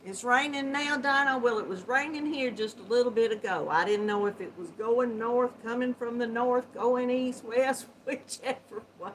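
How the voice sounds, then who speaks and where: Woman, Southern Georgia accent, high voice, folksy livestream chat, laptop mic at home. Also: a little hiss or hum, low-quality recording. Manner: warm folksy greetings with terms like hon and sweetheart; slow, chatty, laughs often. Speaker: host of a yarn chat livestream. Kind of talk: casual livestream chat greeting viewers. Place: home, seated at a computer. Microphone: built-in laptop microphone.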